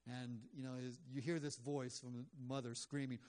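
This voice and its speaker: A man's voice: medium pitch, moderate pace, a little mellow. Male pastor, mid-range voice, earnest conversational sermon delivery. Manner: conversational, earnest, with frequent fillers.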